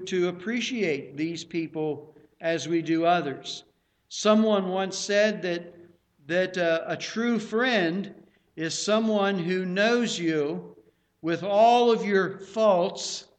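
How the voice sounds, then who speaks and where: A man preaching a sermon as a pastor, slow and unhurried with pauses and restarts. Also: sits high.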